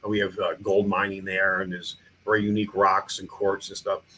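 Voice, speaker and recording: Deep-voiced and brisk, a middle-aged small-town mayor who founded a museum tells stories during a casual interview. His delivery rambles and is animated, with many restarts and fillers, and the low-quality audio has a little hiss or hum.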